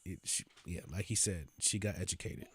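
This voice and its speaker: A man's voice: low voice, normal speed, breathy edge, dry recording. A man hosting a casual reaction commentary over a news clip, mocking and repeating his phrases over and over. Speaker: reaction channel host.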